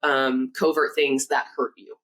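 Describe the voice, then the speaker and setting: Low-voiced woman counselor, animated. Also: unhurried, low-quality recording. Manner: animated, acts out quoted voices, laughs often. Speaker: counselor and podcast guest. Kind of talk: conversational interview.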